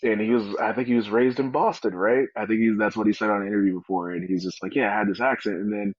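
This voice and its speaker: A man talking casually as a guest in an interview, joking and telling animated stories. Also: on the low side, fast, no room sound, dull audio. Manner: joking, animated storytelling with comic voices. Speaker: wrestler guest.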